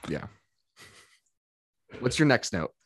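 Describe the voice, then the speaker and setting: A man's voice: slow, fairly bright tone, dry recording, studio quality. A man co-hosting a podcast, chatting casually and rambling a little, with lots of fillers and restarts. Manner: chatty, full of fillers and restarts, quotes others in put-on voices. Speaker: podcast co-host. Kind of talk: casual chat.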